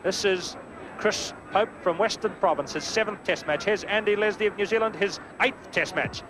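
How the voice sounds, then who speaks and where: A man giving brisk live rugby play-by-play commentary, lifting his voice on big plays, from a worn old videotape broadcast. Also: high-pitched. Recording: worn old VHS broadcast with crowd noise.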